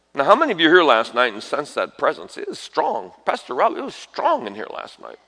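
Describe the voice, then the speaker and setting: A man preaching a sermon as a guest preacher, animated and folksy, trading call-and-response with the congregation and swinging between quiet asides and shouted exhortations. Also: on the high side. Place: large church hall. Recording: reverberant church hall.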